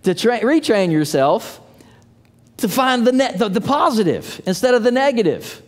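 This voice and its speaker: A man preaching a sermon as pastor, telling stories in an animated, playful way with little voices for the characters. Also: very high-pitched, normal speed. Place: church sanctuary. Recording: long hall reverb.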